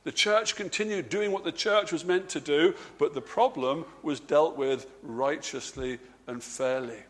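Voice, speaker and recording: A man preaching a sermon, stressing key words by slowing down and dropping his voice, with frequent repeated words and restarts. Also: fairly bright tone. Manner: emphatic, slows and drops low on key words.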